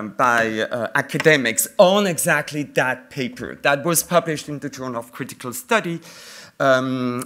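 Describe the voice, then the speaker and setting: A man's voice: medium pitch, sharp tone. A man giving a plenary academic lecture, thinking aloud with fillers and restarts, and speaking English as a with as his first.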